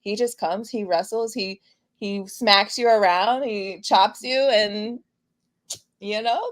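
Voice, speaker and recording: This podcast co-host has a medium-pitched voice and a slow delivery. She chats animatedly through a casual recap of the week's wrestling, laughing a lot and letting thoughts trail off unfinished.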